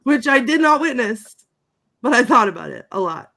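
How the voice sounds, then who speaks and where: Film-review co-host, a woman with a clear bright voice, dry and rambling, reads off her notes. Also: on the high side, big pitch swings, normal speed. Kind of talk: casual chat.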